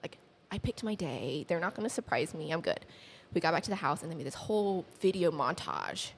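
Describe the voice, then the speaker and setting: A woman guest on a podcast telling personal stories in a chatty, animated way, acting out quoted dialogue with many fillers. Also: fairly quick, gravelly, slight background noise. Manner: animated, acts out quoted dialogue with lifted pitch. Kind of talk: casual conversational storytelling.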